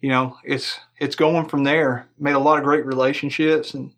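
A man's voice: mid-range voice, flat delivery, normal speed, a bit bright. A young man with a Kentucky accent, a podcast guest telling easygoing stories about hiking and laughing often. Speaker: guest, hiker and video maker. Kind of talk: casual podcast interview.

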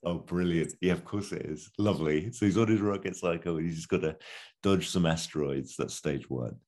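A man's voice: sits low, moderate pace, darkish tone. A man telling a story in a casual, rambling podcast chat, with many fillers. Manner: rambling, filler-heavy, chuckling.

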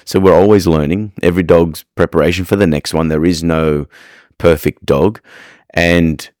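A man talks through dog-training advice in a frank, rambling way, often circling back and restarting his sentences. His voice sits extremely low. The recording is dry and close, with no room sound. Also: steady tone, moderate pace, a little mellow, no echo. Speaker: dog trainer, podcast host. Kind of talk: casual advice monologue.

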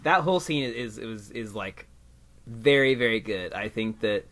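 Lively, jokey man co-host. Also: fairly low pitch, normal speed. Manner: jokey, laughs a lot, chimes in. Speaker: podcast co-host. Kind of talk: casual rewatch chat.

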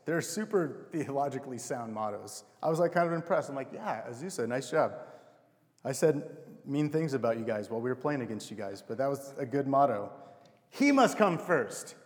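Posing rhetorical questions to his listeners, a young pastor gives a sermon in a chatty, self-deprecating way. He speaks at normal speed with a medium-pitched voice and lively intonation, and a long hall reverb fills the recording.

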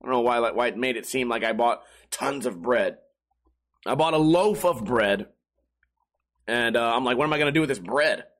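A man's voice: mid-range voice, animated, normal speed, a bit bright. A young man, a live streamer, talking in a rambling, profane, self-mocking casual monologue.

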